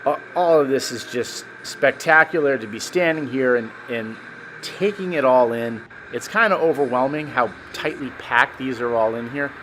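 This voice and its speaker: A car vlogger gives an enthusiastic, chatty walkthrough of a car dealership showroom in casual narration. His mid-range voice moves at a moderate pace and sounds pushed and bright, with slight background noise.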